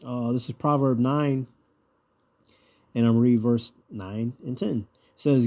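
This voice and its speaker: A man's voice: mid-range voice, fairly even intonation, measured pace, long pauses, warm tone. A man teaching scripture in a loose, conversational way, reading verses and often checking in with the listener. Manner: conversational, keeps checking in with "right?". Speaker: Bible teacher.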